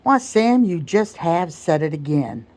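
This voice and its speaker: A proper, stern lady of the house, scolding with firm and measured correctness, as a woman acts her out in whispered role-play. Her voice runs low and hushed, in a storybook telling. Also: very animated. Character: stern genteel plantation mistress.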